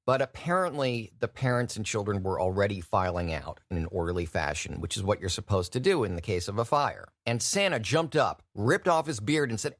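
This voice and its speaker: A man hosting his own podcast, telling stories in a wry, animated way. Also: fairly low pitch, fairly quick, hardly any pauses, dry recording, studio quality. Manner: wry, animated storytelling with mocking impressions. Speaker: podcast host. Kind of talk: solo podcast monologue.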